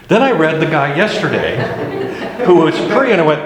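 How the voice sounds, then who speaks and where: A man teaching a Bible study class in a slow, conversational, self-deprecating way. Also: a little high, sing-song, a crowd in the background. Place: classroom or church meeting room. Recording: echoey room recording, faint hiss.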